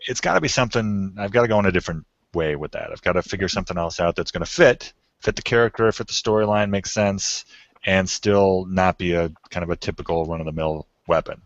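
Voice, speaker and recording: A man's voice: low-pitched, quick pace, no room sound. A man, the author being interviewed, speaking thoughtfully and correcting himself as he goes, with easy laughs. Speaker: author and guest. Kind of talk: podcast interview chat. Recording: dull, dry lo-fi audio.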